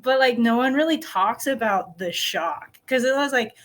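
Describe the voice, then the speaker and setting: A middle-aged American woman from New Mexico, a dirt bike rider, tells her story as a podcast guest. Her voice is a little high, animated, and fairly bright at normal speed, and she keeps things casual and upbeat, laughing often.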